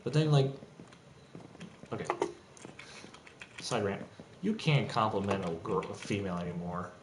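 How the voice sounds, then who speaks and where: A man's voice: on the low side, lively intonation, normal speed. A young man ranting in an agitated, profane, rambling monologue with frequent restarts, recorded in a home room with faint typing behind. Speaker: streamer. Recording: echoey room, faint background noise.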